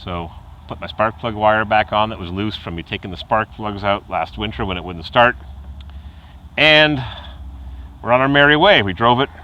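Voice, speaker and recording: A man's voice: on the low side, sharp tone, lo-fi sound. A man casually telling a rambling car repair story outdoors at night, chuckling and imitating the noises the car makes. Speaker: car hobbyist vlogger.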